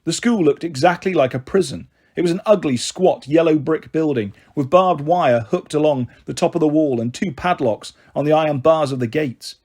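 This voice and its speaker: A male storyteller reads a children's novel aloud in a steady, expressive way. His voice sits a little high for a man. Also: normal speed, few pauses. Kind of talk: audiobook narration.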